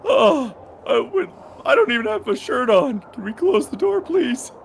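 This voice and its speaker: A shrill, fussy shirtless fellow whines about the cold. His voice darts high and swoops around with a gravelly edge. A faint hiss of stream noise sits under it. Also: sing-song, moderate pace, exaggerated voice. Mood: whiny. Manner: whiny, fussy.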